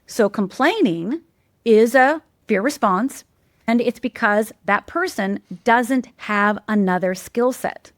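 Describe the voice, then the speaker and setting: A woman's voice: takes it slowly, no room sound. Emphatic, teacherly woman with a dry sound. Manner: animated, jumps high in pitch to act out quoted voices; emphatic and teacherly, repeats key words. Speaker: guest, life coach. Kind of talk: animated interview talk.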